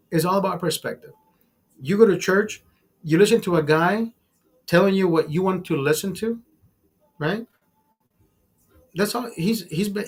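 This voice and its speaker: A man with a fairly high-pitched voice hosts a casual livestream. He swears freely and talks emphatically. He keeps calling his listeners brother and circles back over the same words as he rants. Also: slightly rough. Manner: repeats and restarts words while ranting. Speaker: livestream host.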